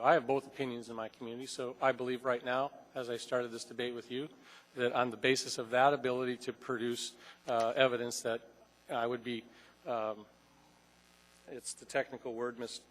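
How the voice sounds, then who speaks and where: A man's voice: mid-range voice, little pitch movement, normal speed, a bit bright. A man who serves on a city assembly, arguing his point at length in a public meeting over a desk microphone. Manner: argumentative, long-winded. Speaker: assembly member. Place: council chamber. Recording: reverberant council chamber.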